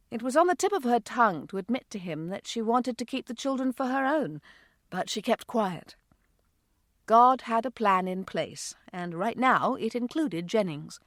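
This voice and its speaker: A woman narrating an audiobook in a smooth, expressive reading voice. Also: medium pitch, a little slow, dry recording, clean studio sound. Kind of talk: scripted narration.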